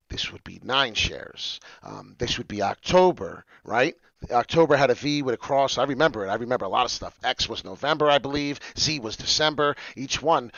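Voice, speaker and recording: A man hosting a casual crypto livestream, loud and rambling, swinging from muttering asides to shouting with passion. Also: medium pitch, creaky, dry recording, dull audio. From New York. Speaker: crypto trading streamer.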